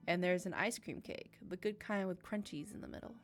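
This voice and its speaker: A woman's voice: medium pitch, a little fast, few pauses, faint music behind. A woman playing a dating game aloud, reading every character in a playful way. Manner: playful, voices several characters, laughs and tears up. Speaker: let's play gamer.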